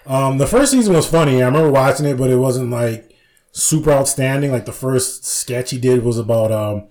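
This podcast co-host has a mid-range, slightly mellow voice and speaks a little fast. In casual chat he retells comedy sketches, acting out the lines, laughing often and swearing freely.

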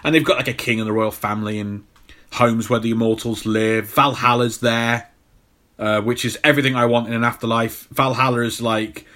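A man's voice: mid-range voice, level tone, fairly quick, sharp tone. A man co-hosting a podcast, talking casually about a film with jokes and plenty of restarts. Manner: rambling, jokey, many restarts. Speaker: podcast co-host.

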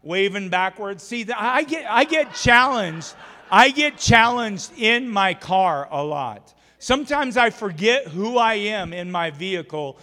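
A man preaching a sermon as pastor, animated and exhorting, acting out everyday scenes. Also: high-pitched, unhurried. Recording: long hall reverb.

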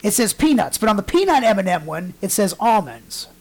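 A man's voice: sits high, brisk, vocal fry. Man spinning a story on a podcast. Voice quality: storytelling, animated voices in quotes, swears freely. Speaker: podcast host. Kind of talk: casual chat.

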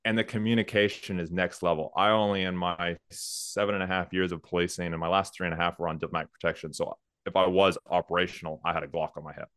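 A man's voice: low-pitched, steady tone, quick pace, a bit bright, smooth, no room sound, studio quality. A man, a former police officer born in the United States, talking casually in an interview, laughing often and restarting sentences.

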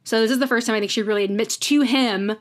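A woman's voice: fairly high pitch, quick pace. A woman co-hosting a podcast, casually retelling episode scenes and quoting characters with lots of fillers. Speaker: podcast co-host recapping episodes. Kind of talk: casual chat.

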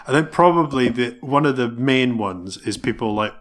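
A man co-hosting a casual podcast chat, blunt and quick to laugh. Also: mid-range voice, expressive, fairly bright tone. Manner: blunt, laughs often, swears freely. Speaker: podcast co-host.

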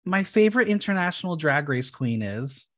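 A man's voice: fairly high pitch, very animated, moderate pace. A man hosting a podcast interview, reading out playful fill-in-the-blank prompts in an upbeat way. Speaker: podcast host.

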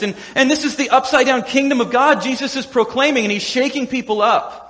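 Animated high-voiced male preacher in hall. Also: brisk. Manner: animated, acts out voices of crowds and quotes, laughs often. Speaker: pastor. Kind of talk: sermon. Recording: echoey hall with long reverb.

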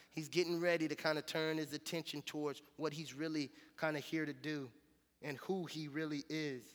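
A male pastor preaching a sermon in a relaxed, conversational, storytelling way, with casual slang. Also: fairly high pitch, in a large hall. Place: church sanctuary.

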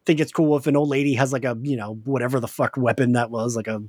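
A man from the Philadelphia area with a slight Philly accent, co-hosting a casual podcast and recapping a show, animated and laughing often. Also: mid-range voice, quick pace, slightly rough, dry recording, studio quality. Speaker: podcast co-host.

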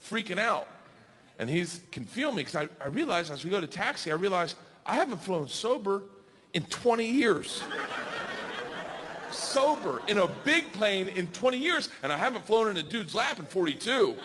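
Loud profane man doing stand-up. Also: high voice. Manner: loud, profane, builds to shouting. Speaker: stand-up comedian. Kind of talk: stand-up storytelling. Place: comedy stage before a crowd. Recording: live stage with audience noise.

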